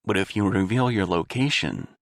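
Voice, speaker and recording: A man's voice: moderate pace, a bit bright, dry recording, studio quality. A man voicing a grim, hardened male soldier who speaks bluntly and tersely for an audiobook. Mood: gruff. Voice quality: gravelly, low. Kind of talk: audiobook character voice.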